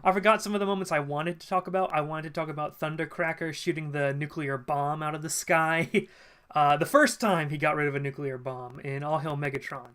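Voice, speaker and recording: A live streamer in casual chat at a desk mic, talking loosely with frequent ums and quick laughs. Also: mid-range voice, fairly even intonation, a bit bright, smooth. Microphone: desk mic at a computer.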